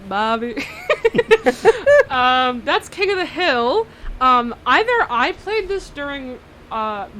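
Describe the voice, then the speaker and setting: A woman's voice: a little high, pushed and bright, slight background noise. Bubbly young woman hosting college radio. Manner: bubbly, chatty, laughs often. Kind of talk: casual radio chat.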